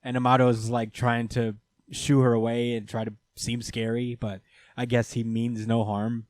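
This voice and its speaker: Mid-range and darkish, this man's voice shows little pitch movement and moves at normal speed, recorded dry. He's a podcast co-host casually recapping an anime episode, rambling loosely and leaning on plenty of fillers.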